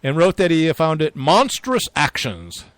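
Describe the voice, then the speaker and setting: A man's voice: fairly high pitch, huge pitch swings, a little slow, fairly bright tone, no echo. Rambling man in casual talk. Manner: rambling, chuckling, filler-heavy. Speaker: podcast co-host. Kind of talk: casual political chat.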